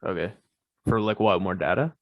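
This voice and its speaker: A young man on a podcast, chatting casually and cutting in with quick jokes. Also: low-pitched, no room sound, muffled recording. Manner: quick-witted, jokey. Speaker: podcast co-host. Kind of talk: casual chat, joking interjections.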